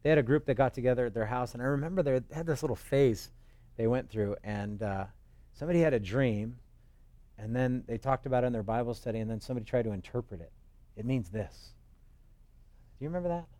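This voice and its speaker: A man's voice: mid-range voice, fast talker, mellow, no room sound. A man preaching a sermon as pastor, telling stories in a loose conversational way with joking asides. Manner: acts out quoted voices. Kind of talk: expository sermon.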